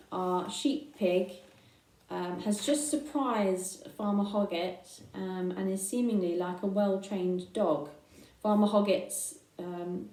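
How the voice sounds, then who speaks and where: A woman reading a children's story aloud, unhurried, sometimes pausing with fillers. Her voice is mellow and sits back from the mic. The room around her is echoey. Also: mid-range voice, recorded from a distance. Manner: unhurried, with fillers between phrases. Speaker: reader.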